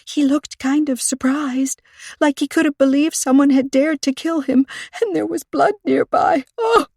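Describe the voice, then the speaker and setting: Woman narrator putting on a frantic, high-pitched, soft-spoken library assistant, breathless and panicky, dry close audiobook read. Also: moderate pace, no echo. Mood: panicked. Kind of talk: audiobook character reading.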